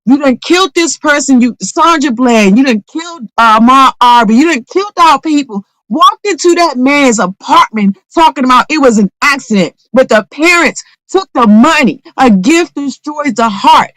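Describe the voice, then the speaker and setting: A woman's voice: high voice, lively intonation, moderate pace, hardly any pauses, a bit bright, no echo, rough recording. A woman venting in a live audio discussion, heated and profane, repeating phrases for emphasis. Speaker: audience member in a live audio room. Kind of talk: impassioned call-in venting.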